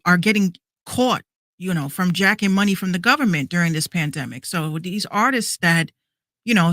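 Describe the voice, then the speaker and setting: With a lowish, fairly bright voice and studio-quality audio free of echo, this thirty-something podcast host launches into a casual rant. She gets heated, repeats herself, curses, and keeps restarting her sentences.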